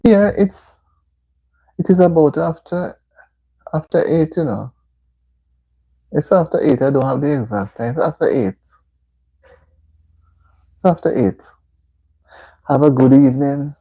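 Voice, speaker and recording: Speaking a little slowly with frequent pauses, a Jamaican woman chats with viewers on a casual livestream from home, offering motherly advice in reply to their comments. Her low voice is warm with a breathy edge, and the recording lacks highs.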